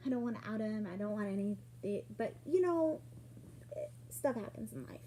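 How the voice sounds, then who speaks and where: A woman telling a personal story in a casual vlog, acting out what people said with sudden jumps in pitch and loudness. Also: moderate pace, a little hiss or hum. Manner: animated, acts out quoted lines with sudden jumps in pitch and loudness.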